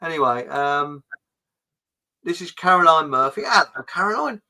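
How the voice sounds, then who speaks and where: A man's voice: on the high side, animated, moderate pace, sharp tone, rough recording. A middle-aged man hosting a casual live chat show, reading out viewer comments in a jokey, rambling way. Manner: jokey and rambling, with frequent fillers.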